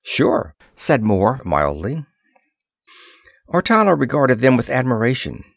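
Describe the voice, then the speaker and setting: A man narrating a pulp science fiction story in a measured, expressive way. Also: mid-range voice, creaky, no room sound, clean studio sound. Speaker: audiobook narrator.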